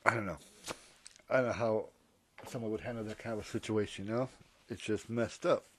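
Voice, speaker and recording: A man's voice: lowish voice, fairly even intonation, fairly quick, a bit bright, a little hiss or hum. A man rambling through a comedic monologue, interrupting and correcting himself as he goes. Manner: rambling, hypothetical, self-interrupting. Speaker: vlogger.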